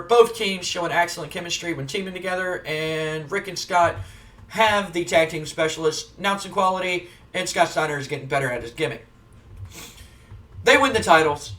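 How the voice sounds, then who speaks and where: A man giving relaxed, chatty play-by-play of a wrestling simulation game as the host. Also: high voice, distant mic. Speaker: gaming video host. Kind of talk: casual play-by-play commentary of a wrestling sim.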